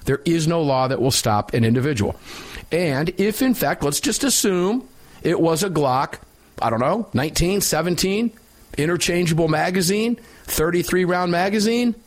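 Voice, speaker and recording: A man's voice: a little high, lively intonation, normal speed. A man hosting a talk radio show, giving opinionated commentary in an emphatic, sarcastic way.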